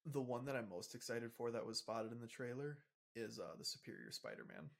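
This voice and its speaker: A man's voice: medium pitch, animated, brisk, vocal fry. A young man co-hosting a casual podcast, explaining comic plots in a loose, rambling way full of fillers. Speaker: podcast co-host. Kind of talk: casual chat.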